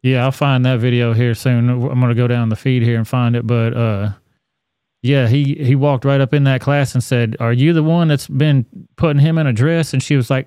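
A man's voice: mid-range voice, fairly even intonation, normal speed, mellow, smooth, no echo, studio quality. A man, hosting a podcast and giving blunt, profane commentary on news stories. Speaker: podcast host. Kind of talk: casual chat, reading news.

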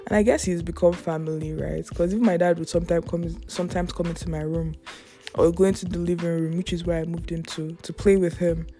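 A woman's voice: on the low side, steady tone, fairly quick, warm tone, faint music behind. A young woman hosting her own podcast in casual solo chat, rambling and playful, often laughing. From Yoruba family background. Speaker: podcast host.

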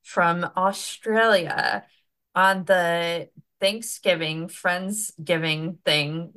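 A woman's voice: lowish voice, bright, forceful tone, clear, resonant tone. A woman hosting a podcast, chatting in an upbeat, casual way with her guest. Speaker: podcast host.

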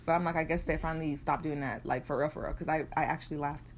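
Young woman telling stories, low voice. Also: quick pace, a little hiss or hum. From Nigeria. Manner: animated storytelling, profane, laughing. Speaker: podcast co-host. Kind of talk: casual chat.

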